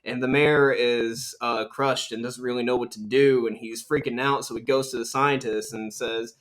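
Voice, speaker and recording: This podcast co-host, a young man, has a mid-range voice with fairly even intonation and a fairly bright tone. He recaps a film casually, rambling and joking while quickly quoting its characters.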